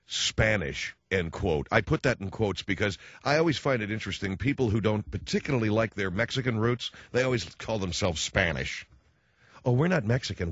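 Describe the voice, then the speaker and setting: Recorded dry with dull studio sound, this man's voice sits lowish. Hosting talk radio, he's sarcastic and blunt, and animated as he imitates the voices of the people he talks about.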